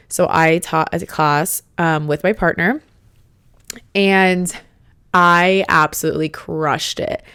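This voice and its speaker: A young woman with a slightly low voice hosts her podcast as a relaxed solo chat, talking candidly, openly and from the heart. Her tone is clear and resonant, and the recording is close and dry with no room sound or echo.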